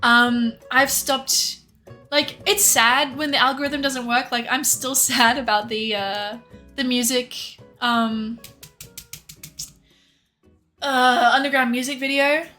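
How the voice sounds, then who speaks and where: A young woman talks loosely to her stream viewers, with a bright, sharp voice a little higher than most. She rambles, laughs often and swears without a second thought. Faint music plays behind her. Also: fairly even intonation, takes it slowly, long pauses. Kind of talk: casual livestream chat.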